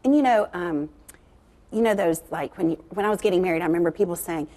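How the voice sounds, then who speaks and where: A woman's voice: fairly low pitch, quick pace, mellow. A woman, a guest author, talking candidly about faith and family in an earnest, confiding way with frequent fillers.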